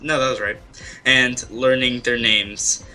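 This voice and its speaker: A man reading his role-play post aloud, halting and restarting as he goes. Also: mid-range voice, fairly even intonation, sharp tone, faint music behind, rough recording.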